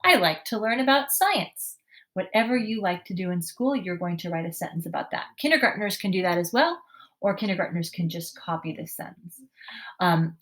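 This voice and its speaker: Slow, encouraging woman teaching young children. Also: on the low side. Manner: slow, clear, encouraging teacher voice, sounding out words. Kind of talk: classroom lesson for young children.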